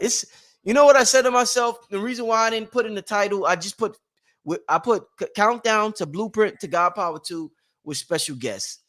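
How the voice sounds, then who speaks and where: A man hosting a casual motivational livestream, rambling and repetitive, with slang and shout-outs to his viewers. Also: high voice. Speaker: livestream host.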